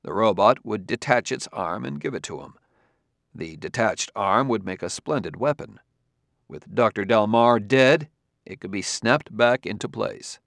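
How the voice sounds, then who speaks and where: A man reading a novel aloud as narrator in an even, measured way. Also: on the low side, vocal fry, dry recording, clean studio sound. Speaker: audiobook narrator. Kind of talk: scripted narration.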